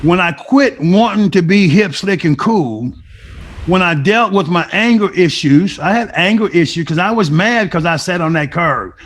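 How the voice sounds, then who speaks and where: A man's voice: sits high, lively intonation, normal speed, a bit bright. A middle-aged man giving a personal testimony as an interview guest, telling his story with emphasis and acting out remembered conversations. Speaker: guest sharing a recovery story.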